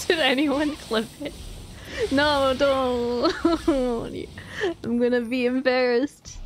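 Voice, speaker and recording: A woman's voice: high voice, takes it slowly, slight background noise. A woman from Atlantic Canada chatting casually with her live-stream viewers, swearing and laughing often. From Maritimes, Atlantic Canada.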